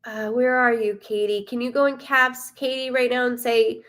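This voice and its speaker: A woman's voice: a little high, normal speed, few pauses, fairly bright tone. A woman hosting a live stream as a psychic medium, chatting casually, greeting viewers by name and swearing freely.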